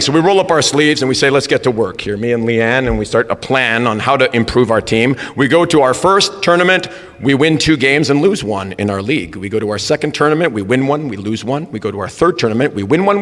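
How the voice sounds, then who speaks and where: A man coaching rugby, telling a funny story in a lively way at a school assembly. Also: medium pitch. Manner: humorous, animated storyteller. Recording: reverberant hall with faint background noise.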